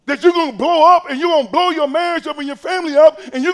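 A male pastor preaching a sermon in a folksy, conversational way, swinging between hushed asides and shouted emphasis. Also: very high-pitched, fairly even intonation, quick pace.

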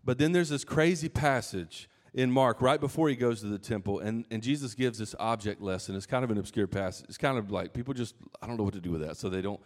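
A man's voice: medium pitch, fast talker, few pauses. Conversational male pastor preaching. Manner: conversational preaching with asides and restarts. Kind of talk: sermon.

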